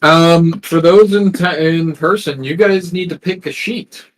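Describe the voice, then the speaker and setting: A young man chatting casually as game master before a tabletop session, relaxed and full of fillers. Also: a little high, a little slow, poor audio. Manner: relaxed, rambling, lots of fillers.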